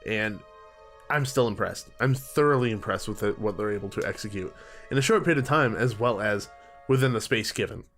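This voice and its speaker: A man's voice: on the low side, fairly quick, a bit bright, faint music behind. A man hosting a podcast, chatting enthusiastically and interviewing a guest. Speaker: podcast host.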